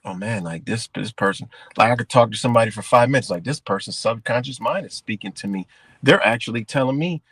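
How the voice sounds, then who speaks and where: A man hosting a livestream, ranting in a rambling, profane, animated way and calling his viewers guys. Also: mid-range voice, quick pace, slightly rough, dry recording. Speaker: livestream host. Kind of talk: casual livestream rant.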